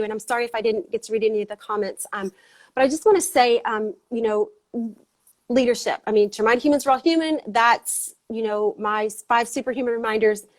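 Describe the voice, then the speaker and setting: Breathless excited woman hosting a livestream. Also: on the high side. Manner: breathless, excited, rambling with many fillers. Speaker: host. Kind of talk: casual motivational livestream talk.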